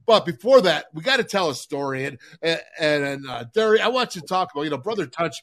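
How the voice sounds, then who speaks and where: A man's voice: a little high, very animated, fast talker, fairly bright tone. A man in his sixties co-hosting a podcast, teasing his friends in casual chat and laughing often. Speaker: podcast co-host.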